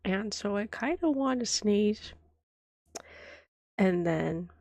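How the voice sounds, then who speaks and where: A woman speaks in a whispered role-play, nursing a cold that leaves her coughing. She talks slowly and drifts off mid-thought, her voice carrying a gravelly fry. The close microphone sounds dry, with no room in it. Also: mid-range voice, lively intonation, no echo, highs cut off. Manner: soft-spoken, rambling, trailing off. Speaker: vtuber streamer.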